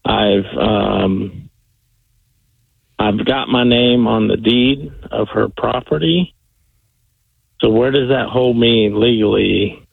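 A man calling in to a radio show, his voice low and gravelly. He speaks haltingly and fills the gaps with ums. It comes through a thin, tinny phone line. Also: no echo. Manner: hesitant, lots of fillers. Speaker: caller. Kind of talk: phone-in call.

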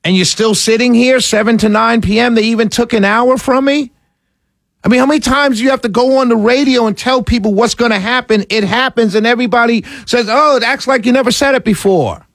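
High-voiced animated male radio host. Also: a little fast, dry recording, clean studio sound. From New York City. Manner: animated, exasperated, rhetorical. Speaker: radio talk show host. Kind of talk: talk radio monologue.

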